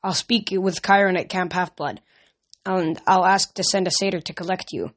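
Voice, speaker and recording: A woman's voice: lowish voice, fairly even intonation, normal speed, close to an everyday voice. A woman reader voicing a male god and absent father who speaks in a grave, restrained, sad way in a storybook. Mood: sorrowful.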